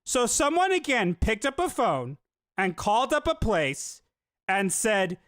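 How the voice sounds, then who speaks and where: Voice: mid-range voice, big pitch swings, measured pace, a bit bright, dry recording. A host of a commentary show, talking sarcastically and mockingly to the audience. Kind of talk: comedic commentary.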